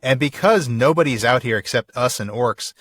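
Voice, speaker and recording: A man co-hosting a podcast in casual, joking chat. His pitch jumps around animatedly as he slips into goofy character voices. The sound is dry and close to the mic. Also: animated, moderate pace, a bit bright, dry recording. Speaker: podcast co-host. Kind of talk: casual chat about a book.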